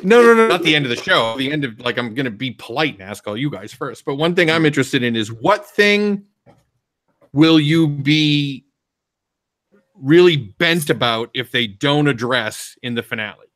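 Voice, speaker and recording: Bright-voiced chatty man hosting a podcast. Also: medium pitch, lively intonation, normal speed, no room sound. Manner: chatty, explains things at length. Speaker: podcast host. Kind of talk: casual live podcast discussion.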